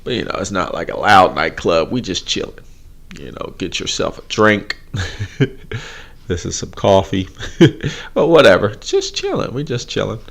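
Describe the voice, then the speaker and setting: A man's voice: low-pitched, big pitch swings, measured pace, gravelly, pauses often. A man hosting a casual live stream, talking in a laid-back, rambling way with frequent chuckles, sounding tired and a little drained. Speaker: host.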